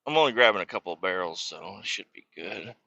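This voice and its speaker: Bright-voiced, laid-back cussing gamer guy. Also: low voice, expressive, quick pace, vocal fry, no echo. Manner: rambling, profane, laid-back. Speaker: streamer playing a trucking game. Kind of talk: casual gameplay chat and storytelling. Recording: slightly muffled dry mic.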